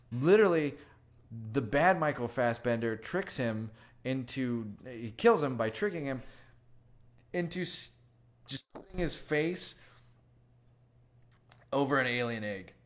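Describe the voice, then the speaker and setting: A man riffing on a movie in a rambling, sweary comedic rant full of fillers. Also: medium pitch. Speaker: comedy commentator.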